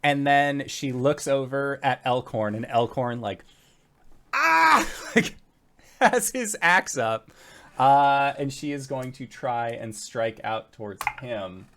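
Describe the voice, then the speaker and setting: Male game master, unhurried, rambling narration with fillers. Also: medium pitch, expressive, fairly bright tone. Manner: loose, full of fillers.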